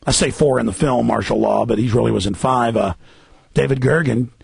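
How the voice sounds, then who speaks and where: A man's voice: medium pitch, fairly quick, creaky, breathy edge, no room sound. A man hosting a talk radio show, delivering a fiery, heated rant.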